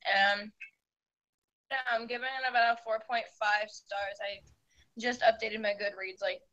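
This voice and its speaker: A woman's voice: medium pitch, fairly even intonation, a little slow, a bit bright, muffled recording. A woman guesting on a book discussion stream, cheerful and casual with hesitant fillers. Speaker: booktuber guest. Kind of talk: casual chat.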